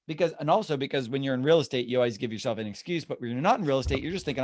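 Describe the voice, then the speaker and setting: A man's voice: medium pitch, very fast, hardly any pauses. A man leading a real estate team meeting, talking animatedly and acting out the people he quotes. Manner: animated, acts out quoted voices.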